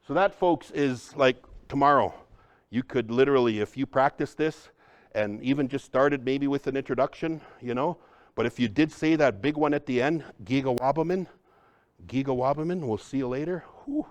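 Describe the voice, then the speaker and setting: A man giving a lively, joking workshop talk on cultural practice, often calling his audience folks. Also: mid-range voice, moderate pace, no room sound. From Upper Midwest, United States. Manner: energetic, joking, addresses the crowd as folks. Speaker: cultural trainer.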